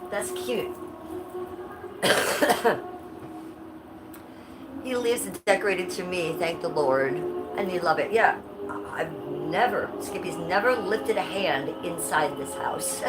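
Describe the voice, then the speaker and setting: A woman's voice: on the low side, rough recording. A middle-aged woman chatting casually on a livestream from her living room, blunt and given to swearing. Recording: music playing clearly behind.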